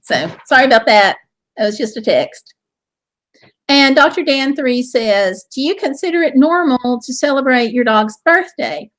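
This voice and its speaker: Chatty woman host, high voice. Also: lively intonation, moderate pace, a bit bright. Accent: Southern US. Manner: cheerful, reads viewer comments aloud. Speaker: live stream host reading chat. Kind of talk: casual live stream chat. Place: home.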